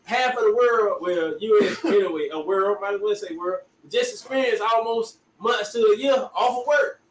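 A man's voice: high voice, normal speed, slight background noise. A man hosting a casual chat, drawling and repeating his phrases with slang. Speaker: podcast host. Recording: echoey room from far off.

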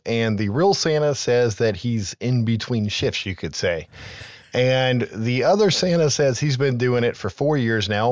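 A man's voice: mid-range voice, no echo, muffled recording. A man co-hosting a podcast, chatting casually as he recaps film trivia with loose asides and some profanity. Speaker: podcast co-host.

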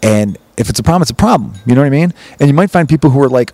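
A man's voice: mid-range voice, lively intonation, rapid-fire, a little mellow. A man in his thirties from Chicago, chatting casually on a podcast, rambling and swearing as he acts out scenes from a story. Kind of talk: casual chat, animated storytelling.

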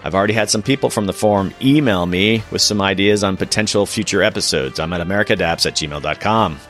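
A man hosting a podcast, giving an upbeat sales pitch and talking straight to his listeners. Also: fast, fairly bright tone, faint music behind. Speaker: podcast host. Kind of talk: podcast outro and sponsorship pitch.

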